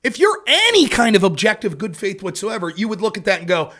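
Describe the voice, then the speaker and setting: A man's voice: sits high, big pitch swings, quick pace, few pauses, fairly bright tone. A man hosting a casual political commentary livestream, sarcastic and exasperated, mocking his opponents in put-on voices and swearing freely.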